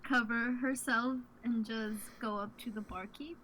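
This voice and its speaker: A woman with a high voice speaks slowly, thinking aloud as she plays a tabletop game. Faint noise sits under her voice. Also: fairly even intonation, fairly bright tone, rough recording. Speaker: player.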